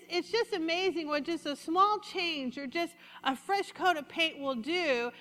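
Bright-voiced woman preaching in an echoey hall. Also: high voice. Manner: lively, conversational preaching with congregation call-outs. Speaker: pastor. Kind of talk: sermon.

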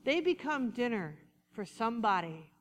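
Woman preacher, lively and conversational; high voice in a reverberant hall. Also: normal speed. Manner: animated, conversational preaching with acted-out asides. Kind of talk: sermon.

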